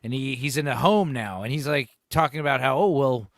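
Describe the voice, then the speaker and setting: A man's voice: medium pitch, a bit bright, no room sound, studio quality. Enthusiastic, swearing man hosting a podcast. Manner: enthusiastic, profane, quick reactions. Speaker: podcast host. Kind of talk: casual chat.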